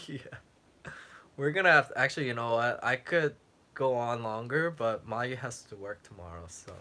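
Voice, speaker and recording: Pushed and bright at a medium pitch and normal speed, the young man's voice is fading as he clears his throat during a relaxed livestream. He's a travel vlogger answering viewer questions, filling gaps with plenty of fillers.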